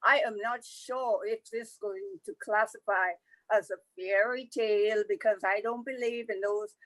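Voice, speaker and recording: A woman from the Caribbean telling a folktale to a live audience, lively and conversational with asides. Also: medium pitch, normal speed, dry recording, rough recording. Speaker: storyteller.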